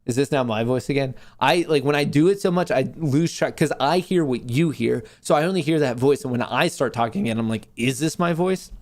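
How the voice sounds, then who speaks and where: A man's voice: mid-range voice, fairly quick, few pauses. A man hosting a casual livestream, reading viewer messages aloud and answering them off the cuff. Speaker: host.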